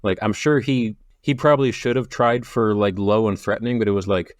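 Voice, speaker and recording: A relaxed man with a fairly low voice laughs easily as he chats through a book in a casual podcast. The sound is close and dry. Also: fairly quick, no room sound. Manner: relaxed, laughs easily, uses 'like' often. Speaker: podcast co-host. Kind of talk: casual book-discussion chat.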